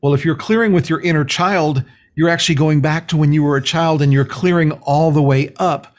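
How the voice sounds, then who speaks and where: A man speaking as a guest, explaining a spiritual practice in a calm, slow, earnest way. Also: a little high. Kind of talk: spiritual teaching in conversation.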